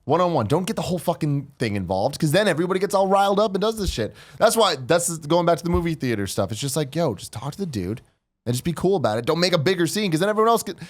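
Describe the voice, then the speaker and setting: A man's voice: a little high, very animated, quick pace. An American man in casual podcast chat, giving blunt advice with plenty of swearing. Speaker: podcast co-host.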